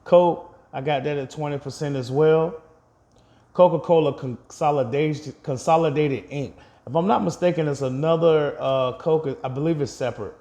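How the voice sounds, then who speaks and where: A man's voice: a little high, moderate pace, dark tone. A man vlogging a casual update on his investments, chatting directly to his viewers and laughing off his own slips.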